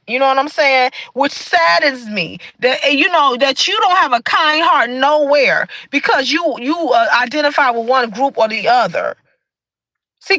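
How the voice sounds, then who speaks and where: Michigan woman on a livestream, high bright voice, kinda preachy, says hi to chat. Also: no room sound, rough recording. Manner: earnest and preachy, greeting chat viewers. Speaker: livestream host. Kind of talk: casual livestream talk.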